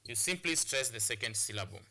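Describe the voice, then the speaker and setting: Gravelly, pushed and bright, this man's mid-range voice swings widely in pitch and moves a little fast. He's from Kenya, giving a televised English class where he keeps repeating the main points, restarting phrases and filling gaps as he goes.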